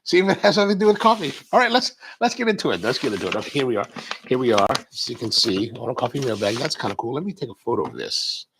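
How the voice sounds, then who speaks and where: A middle-aged man with a gravelly, creaky voice chats loosely on a live stream, wandering from story to story as he opens a box. A faint hiss sits under his voice. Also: mid-range voice, very animated, fast talker. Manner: rambling, chatty storyteller. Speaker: coffee channel host. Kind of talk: casual live-stream chat.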